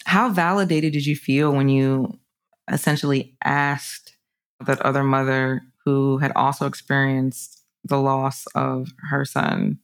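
A podcast host with a gravelly, mid-pitched voice leads a sensitive conversation. The host speaks gently and affirms the guest's feelings. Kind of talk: supportive interview hosting.

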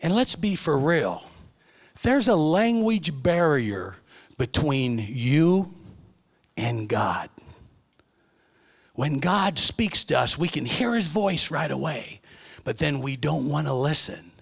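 A middle-aged man preaching a sermon in church, telling stories animatedly and swinging between loud and hushed. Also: a little high, sing-song, slow pace, creaky, pauses often, breathy edge.

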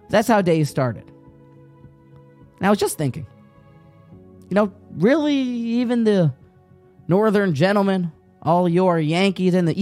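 A man's voice: a little high, a little mellow. A man from Virginia giving a folksy, storytelling Torah talk and speaking straight to his listeners. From Virginia, American South. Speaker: Torah teacher.

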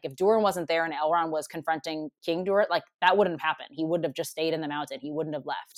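A woman's voice: low voice, dry recording, clean studio sound. A woman co-hosting a podcast in casual chat, enthusiastic and full of "like". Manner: enthusiastic, heavy use of "like". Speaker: podcast co-host.

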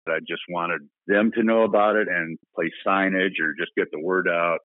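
A man's voice: low-pitched, fairly even intonation, normal speed, no echo. A man telling his own story in a plainspoken, casual way, laughing now and then. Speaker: interview guest. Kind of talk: casual recounting. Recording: dry phone-like line.

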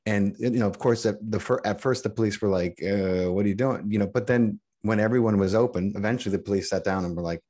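A middle-aged man talking as a podcast guest in casual chat, halting and restarting often. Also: fairly low pitch, darkish tone. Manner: halting, many restarts and repeated words.

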